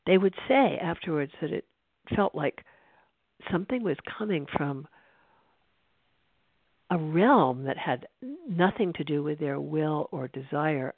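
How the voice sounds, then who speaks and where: A meditation teacher giving a spiritual talk in an unhurried, reflective way, with frequent restarts, over a tinny phone-like line. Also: medium pitch, no room sound. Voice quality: creaky.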